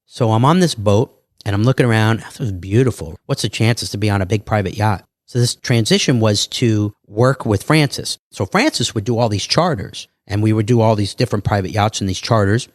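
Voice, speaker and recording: A man, a guest on a podcast, telling his life story in a lively way and acting out other people's lines. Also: fairly low pitch, no room sound, studio quality. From New York. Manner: animated, quick storytelling with acted quotes.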